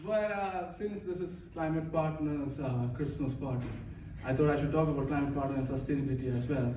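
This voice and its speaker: High-voiced man doing stand-up. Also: a little fast, warm tone. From India. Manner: chatty, self-mocking, laughs at his own jokes. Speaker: stand-up comedian at a work party. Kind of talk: stand-up comedy set. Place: office Christmas party room. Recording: echoey room, distant mic, noisy.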